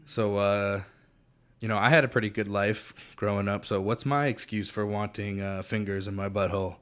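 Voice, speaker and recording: A man's voice: fairly low pitch, fairly even intonation, moderate pace, fairly bright tone, a little hiss or hum. A man co-hosting a podcast in casual chat, joking around and laughing at the bits. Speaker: podcast co-host.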